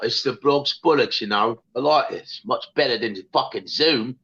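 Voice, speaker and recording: A man's voice: mid-range voice, normal speed, vocal fry, sharp tone, lo-fi sound. A male comedian in a casual livestream chat, ranting and swearing with lots of repetition over a remote call. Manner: profane, ranting, repeats himself. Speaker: comedian guest.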